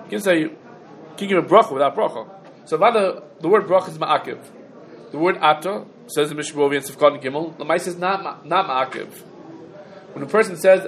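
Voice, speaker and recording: Man, teaching halacha, quotes sources, high voice. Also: slight background noise. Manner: explains rulings step by step, quotes sources, asks questions. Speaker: Torah teacher. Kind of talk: halacha class.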